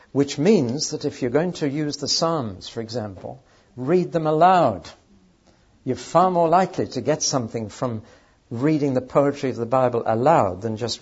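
A man's voice: mid-range voice, slightly rough. A man giving an emphatic, explanatory talk as a Bible teacher, stressing key words as he goes. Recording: dull lo-fi recording.

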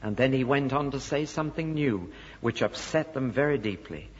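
A man preaches an expository sermon, often voicing the people he quotes. His voice is a little husky. The recording sounds dull and lo-fi, with long reverb from a large hall. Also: mid-range voice, lively intonation, moderate pace.

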